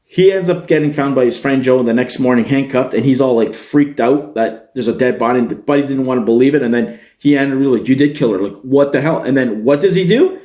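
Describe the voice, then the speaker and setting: Male podcast host, excitable, swears a lot, mid-pitch voice, roomy echo on the recording. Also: fairly quick. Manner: excitable, swears freely, talks straight to viewers. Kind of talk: casual spoiler-filled movie recap.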